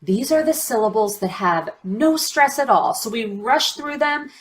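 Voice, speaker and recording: A woman giving a scripted pronunciation lesson. She talks clearly and deliberately, and her pitch moves a lot as she acts out example words. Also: expressive, a little hiss or hum. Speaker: English pronunciation teacher. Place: video played within a student presentation.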